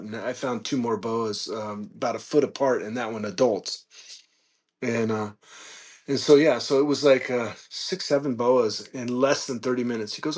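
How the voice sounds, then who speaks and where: A man guest on a podcast, telling a casual story with animated peaks and frequent fillers. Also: medium pitch, normal speed. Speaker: podcast guest, reptile keeper.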